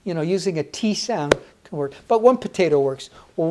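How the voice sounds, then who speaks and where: A woman's voice: fairly low pitch, animated, brisk, background noise. A woman teaching a music lesson on rhythm, counting beats aloud in a patient, encouraging, plainspoken way.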